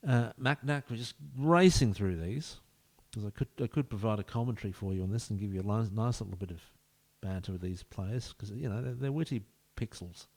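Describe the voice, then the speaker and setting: A man's voice: fairly low pitch, fairly quick, a little mellow. A man giving casual, jokey let's-play commentary as a gaming video host, bantering with the players in the game.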